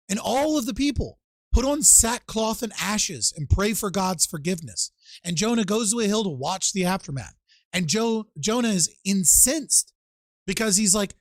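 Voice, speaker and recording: A man hosting a loose panel debate, his voice sitting a bit high and jumping around as he tells a story. He swears freely and acts out the people he quotes. The sound is close and dry. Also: moderate pace, no echo. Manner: profane, animated storytelling with mock-quoted voices. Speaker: show host.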